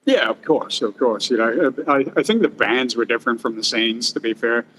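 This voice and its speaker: A middle-aged Australian man hosting a casual interview, relaxed and laughing often, swearing freely. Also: medium pitch, normal speed, rough recording. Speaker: podcast host.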